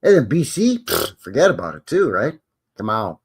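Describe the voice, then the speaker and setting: A man's voice: fairly low pitch, wildly swooping pitch, normal speed, breathy edge. A man with a Canadian accent hosting a live stream, chatting casually in a joking, rambling way full of folksy slang. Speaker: host.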